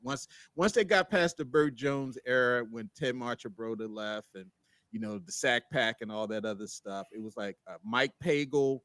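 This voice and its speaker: A man's voice: mid-range voice, normal speed, no room sound. A man, hosting a casual sports podcast and trading teasing banter. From Baltimore. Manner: animated, laughing, teasing banter.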